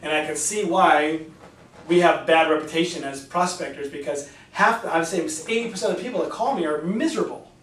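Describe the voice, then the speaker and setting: A man giving a lively sales seminar talk to an audience, acting out phone calls with enthusiasm. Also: on the high side, brisk, a little hiss or hum. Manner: enthusiastic, animated, acts out both sides of calls. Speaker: real estate agent giving a sales talk. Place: meeting room in front of an audience. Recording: echoey room, mic from a distance.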